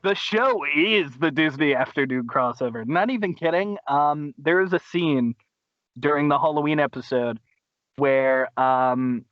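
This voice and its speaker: A man's voice: fairly high pitch, unhurried, dry recording, muffled recording. A man hosting a casual podcast, recapping episodes with enthusiastic, rambling talk. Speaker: podcast host. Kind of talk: casual chat.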